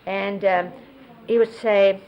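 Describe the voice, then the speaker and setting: Brief: woman reminiscing on camera, very slow delivery, even middle pitch, faint hiss behind. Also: dull audio. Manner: unhurried, explains and demonstrates hand gestures. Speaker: close companion recounting memories of a spiritual teacher. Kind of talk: reminiscing storytelling. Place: 1970s videotaped sit-down interview.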